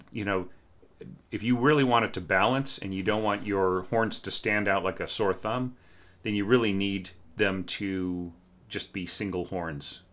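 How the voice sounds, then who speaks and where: A man with a deep voice and a crisp, forward edge, teaching orchestration from home. He talks in a loose, conversational way, full of fillers, and hums passages to show how they should sound. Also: fairly bright tone. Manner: candid and conversational, sings passages, many fillers. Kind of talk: casual score critique. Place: home room with a snoring cat.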